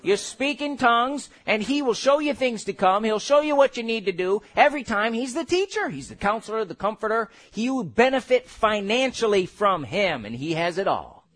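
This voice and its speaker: A man preaching a sermon, animated, acting out voices and laughing as he goes. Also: sits high, normal speed, few pauses. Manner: animated, acts out quotes, laughs.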